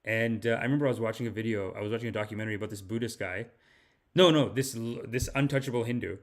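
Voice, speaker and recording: A man hosting a comedic podcast monologue, rambling and animated, sometimes slipping into a mock spiritual-guru pitch. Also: racing. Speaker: podcast host.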